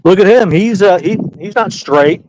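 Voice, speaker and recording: A man with a slightly high voice chats casually on a podcast. He mostly agrees and hesitates with frequent fillers, and the sound is dry and close. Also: lively intonation, moderate pace, darkish tone, no room sound, low-quality recording. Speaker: podcast co-host.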